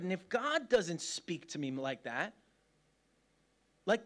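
A man's voice: very high-pitched, a bit bright. A man preaching a sermon in a casual, joking, self-deprecating way, laughing often as he talks. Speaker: pastor.

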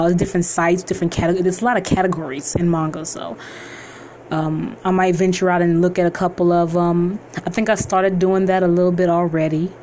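A young woman hosting her own podcast, talking excitedly and rambling with lots of fillers and restarts. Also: on the low side, slight background noise. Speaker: podcast host. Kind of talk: casual solo podcast intro.

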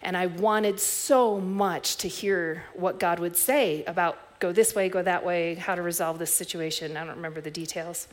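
A middle-aged woman preaching a sermon as a pastor, telling stories in a reflective way with soft restarts. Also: lowish voice, fairly even intonation, moderate pace, few pauses.

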